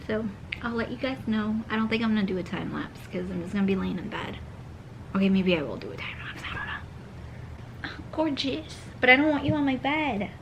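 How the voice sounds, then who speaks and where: Young woman, casual book vlog, rambling, says "like" a lot, medium pitch, faint background noise. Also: animated, brisk, gravelly. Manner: chatty, rambling, fills speech with "like". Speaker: book vlogger. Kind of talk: casual reading vlog chat.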